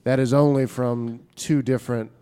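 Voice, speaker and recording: Tabletop player, male, formal in-character reporting voice, mid pitch. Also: flat delivery, moderate pace, warm tone, smooth.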